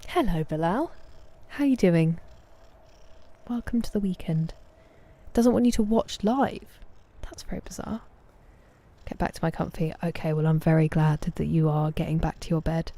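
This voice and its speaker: A low-voiced English woman chats casually at a moderate pace while streaming a game. She warmly greets viewers by name and sometimes lowers her voice to a whisper.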